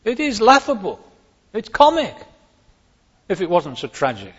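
Male preacher, slow and emphatic, slightly high voice, dull recording in a long-echo hall. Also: huge pitch swings, a bit bright, husky. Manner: emphatic, rising sharply on key words. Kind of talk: sermon.

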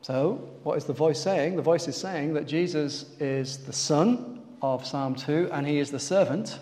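A man's voice: a little high, measured pace, mellow, in a large hall. A man preaching a sermon to his congregation, asking them questions and calling on people by name.

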